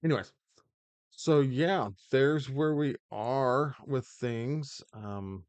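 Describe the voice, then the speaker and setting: A man's voice: medium pitch, slow pace, a little mellow, no room sound. A man hosting his own gaming channel, rambling through mobile game commentary with lots of fillers and restarts. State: hiccups.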